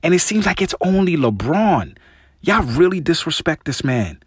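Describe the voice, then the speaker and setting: A man's voice: on the high side, big pitch swings, normal speed, slightly rough, no echo, clean studio sound. A man hosting his own podcast alone, in loose casual speech full of "man" and "you know", getting heated and emphatic when he rants. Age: adult with young children. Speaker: podcast host. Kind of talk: casual solo podcast talk.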